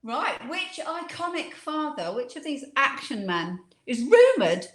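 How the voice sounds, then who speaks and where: A woman's voice: high voice, big pitch swings, unhurried. Playful, chatty woman. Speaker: quiz host on a cocktail livestream. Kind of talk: casual chat. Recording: echoey room.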